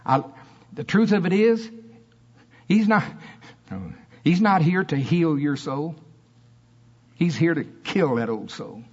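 Fiery preacher man, husky voice. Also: fairly high pitch, takes it slowly, long pauses, dull audio. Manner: fiery, swings from loud emphasis to soft asides. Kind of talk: sermon. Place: church.

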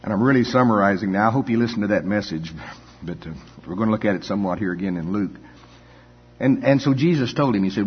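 An older man preaching a folksy, conversational sermon with frequent "you know" asides and chuckles. His voice is husky. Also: on the low side, fast. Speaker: pastor. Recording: dull echoey hall.

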